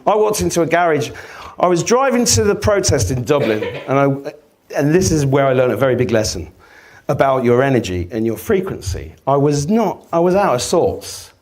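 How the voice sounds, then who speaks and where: Male speaker addressing a live audience; animated storyteller who acts out the people in his stories and swears freely. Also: mid-range voice, moderate pace.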